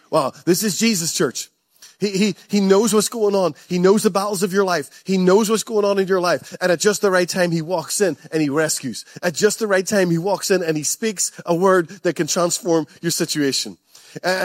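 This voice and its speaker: A man's voice: high-pitched, no echo, clean studio sound. A man preaching a sermon as pastor, emphatic, repeating phrases and laughing often.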